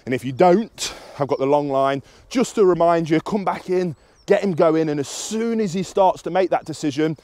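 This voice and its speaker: A young man, a dog trainer, explaining a recall session in a calm and practical way, outdoors in an open field. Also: normal speed, no room sound. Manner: explains calmly, then bursts into high excited praise for the dog.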